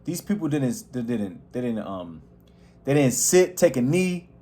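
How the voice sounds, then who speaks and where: A man's voice: mid-range voice, big pitch swings, unhurried, dark tone. A man teaching a casual scripture lesson in a slangy, rambling way, full of restarts, with a voice that carries. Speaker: Bible teacher.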